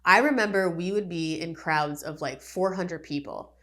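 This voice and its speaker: A woman's voice: on the low side, normal speed, pushed and bright. A woman from Connecticut, a life coach, telling her own story in an earnest, candid podcast monologue. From Connecticut, USA. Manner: candid, earnest, acts out quoted dialogue.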